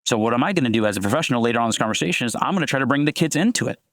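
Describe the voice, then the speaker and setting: A man speaking quickly and with energy, a sales leader giving a podcast interview. He slips into short acted-out exchanges with clients as he talks. His voice sits at a middle pitch and the sound is close and dry. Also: no echo. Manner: fast, animated, acts out calls. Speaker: guest, sales team leader.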